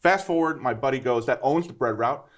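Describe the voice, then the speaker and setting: Male guest, 50s, mid pitch, animated and emphatic storyteller, casual interview. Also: brisk. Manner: animated, emphatic, keeps adding "right?". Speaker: guest entrepreneur.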